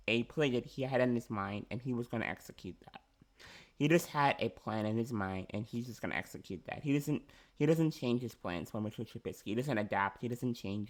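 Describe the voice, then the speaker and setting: A man's voice: mid-range voice, fairly bright tone. A man ranting about his football team's coaching, frustrated and repetitive, with frequent restarts. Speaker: sports fan vlogger. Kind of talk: ranting sports commentary.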